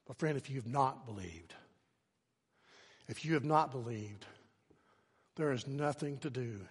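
A man preaching a sermon as pastor, swinging from hushed, slow phrases to shouting for emphasis. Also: mid-range voice, husky. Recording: long hall reverb.

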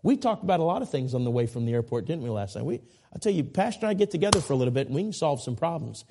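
A man's voice: a little high, sing-song, racing, noisy background. A man in his forties preaching a sermon as a guest preacher, earnest and repetitive, with folksy asides and self-deprecating jokes. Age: 40s.

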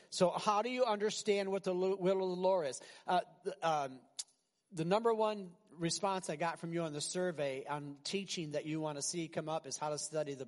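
A male pastor preaching an animated, conversational sermon full of rhetorical questions. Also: sits high, in a large hall.

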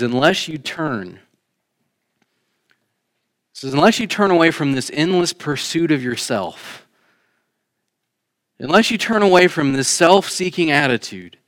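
A man delivers a sermon from the front of a church. His voice sits a little high for a man. He swings between raised, emphatic lines and quiet, chatty asides to the congregation. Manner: conversational preaching, rising emphatic then quiet asides. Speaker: pastor. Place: church sanctuary.

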